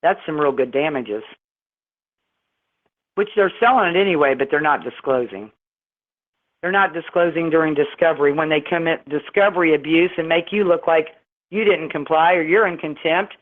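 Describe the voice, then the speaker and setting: A woman's voice: low voice, normal speed. Indignant woman on a tinny phone line. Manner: rambling, indignant, many restarts. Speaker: guest caller. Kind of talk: phone-in interview storytelling.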